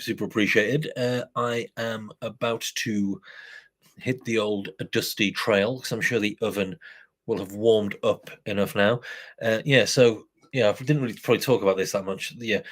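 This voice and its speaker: A man's voice: on the low side, fairly even intonation, normal speed, husky. A man hosting a live beer review stream, rambling and self-deprecating with plenty of swearing. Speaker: beer review channel host. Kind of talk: casual live-stream chat.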